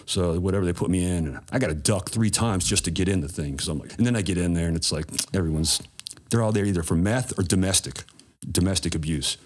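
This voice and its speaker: Very deep-voiced, laid-back man. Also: fast. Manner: laid-back, profane, slangy. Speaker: podcast guest. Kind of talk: casual storytelling.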